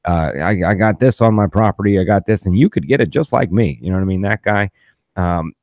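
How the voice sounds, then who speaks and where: A man's voice: low voice, lively intonation, a little fast, a little mellow, dry recording, studio quality. A man hosting a podcast, telling stories in a loose, profane, ranting way. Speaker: podcast host. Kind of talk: casual podcast chat.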